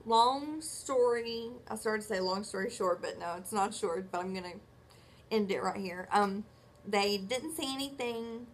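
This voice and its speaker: A woman's voice: medium pitch, moderate pace. Brief: woman vlogger, chatty rambling storyteller, mid-range voice, faint background hiss. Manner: chatty, rambling storyteller who acts out quoted dialogue; self-correcting, filler-heavy. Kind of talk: casual chat.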